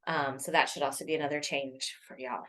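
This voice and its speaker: A poetry vlogger sits at a laptop in a room at home, chatting to the camera in a rambling way full of ums and restarts. Her voice is bass and fairly bright, delivered flatly and fairly quickly, recorded through the laptop mic.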